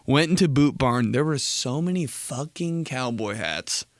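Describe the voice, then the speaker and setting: A young man hosting a casual solo comedy podcast, rambling and swearing through stories with quick impressions. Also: mid-range voice, lively intonation, no echo, clean studio sound. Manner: rambling, profane storytelling with impressions. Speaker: podcast host.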